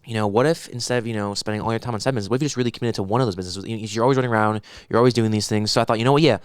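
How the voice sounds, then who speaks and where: A man putting on a smug, self-satisfied financial advisor who rambles slowly about himself. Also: fairly low pitch, clean tone, dry recording, studio quality, close to an everyday voice.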